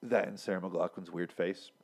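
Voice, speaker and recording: A man's voice: low voice, fairly even intonation, moderate pace, a little mellow, husky. A young man casually recapping a TV episode, rambling and sarcastic with lots of swearing and filler words. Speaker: podcast host reviewing a TV episode.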